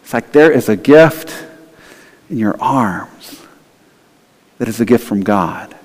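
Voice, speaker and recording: A man's voice: mid-range voice, expressive, slow pace. A male pastor giving a conversational sermon in a church, sometimes acting out quoted voices. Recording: long hall reverb.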